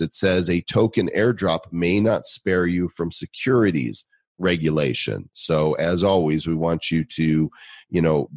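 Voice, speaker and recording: A man co-hosting a podcast in relaxed, chatty talk with frequent fillers. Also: low voice, no room sound. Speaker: podcast co-host. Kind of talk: casual podcast chat.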